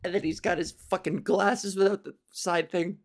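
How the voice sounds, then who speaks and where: A woman comedian hosts a podcast, talking in a loose, rambling monologue that swears freely and keeps cutting itself off mid-thought. Her voice has a gravelly, fry-heavy edge. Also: fairly low pitch, fairly even intonation, normal speed. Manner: rambling, profane, self-interrupting.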